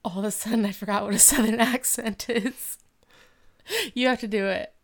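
A woman's voice: fairly high pitch, steady tone, normal speed. A young adult woman co-hosting a casual podcast, retelling a TV episode and acting out the characters' lines. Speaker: podcast co-host. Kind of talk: casual chat recapping a TV episode.

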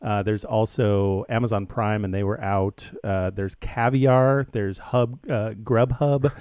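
A man's voice: lowish voice, fairly even intonation, slow pace, darkish tone, smooth, no room sound, clean studio sound. A man co-hosting a podcast who tells jokes hesitantly, with many fillers, laughing at his own jokes. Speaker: podcast co-host. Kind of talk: casual chat, telling jokes.

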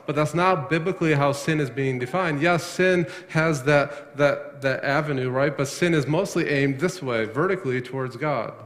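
A man's voice: on the high side, fairly bright tone. Preaching man in an echoing hall. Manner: asks the congregation questions, rises sharply on emphasis. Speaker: pastor. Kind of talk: sermon. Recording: long reverb of a hall.

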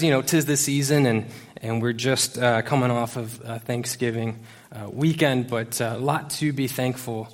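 A man preaching as youth pastor to a church congregation, talking in a casual, joking way with lots of fillers and restarts. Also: mid-range voice. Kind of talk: conversational sermon. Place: church service before a congregation.

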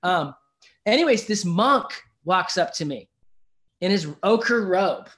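A man with a high voice, appearing as a podcast guest, slowly tells a personal story in casual conversation. He's animated, swears freely, and keeps asking "you know what I mean."

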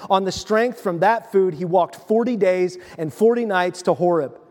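A male pastor preaching a sermon, telling the story with animated voices and dropping to a soft hush at times. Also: high voice, normal speed, big-room sound.

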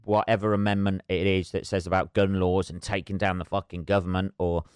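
A man's voice: low voice, flat delivery, fairly quick, a little mellow, clear, resonant tone, dry recording, studio quality. A man hosting a solo podcast, rambling and wry with constant swearing, sipping tea as he talks. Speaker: podcast host.

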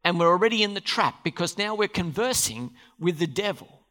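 A man preaching a sermon to his church, animated and quick to question the congregation. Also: high-pitched. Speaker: pastor.

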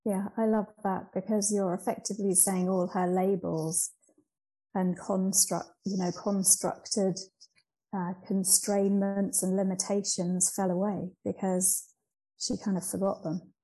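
Woman in her 40s, kinda low and gravelly, mellow, lots of ums. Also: little pitch movement, unhurried, rough recording. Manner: reflective, hesitant with frequent ums. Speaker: change coach, guest. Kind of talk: conversational interview.

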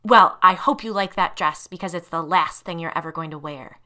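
A woman's voice: on the low side, normal speed, bright, forceful tone. A woman voicing a cold, vengeful teenage girl in a told ghost story, speaking in an icy, menacing tone.

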